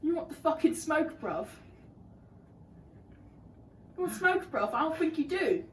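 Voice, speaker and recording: A woman's voice: high voice, big pitch swings, a little fast, roomy sound, recorded from a distance, slight background noise, voice pushed up. A teen girl putting on a cocky British street tough. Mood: taunting. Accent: put-on British. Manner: swaggering, taunting.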